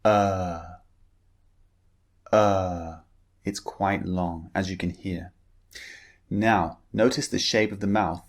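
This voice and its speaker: A man leads a pronunciation lesson, drawing out each vowel so learners can repeat after him. His voice sits low, and he speaks at a very slow, careful pace. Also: steady tone. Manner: slow, deliberate, drawn-out vowel demonstrations. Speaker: English pronunciation teacher.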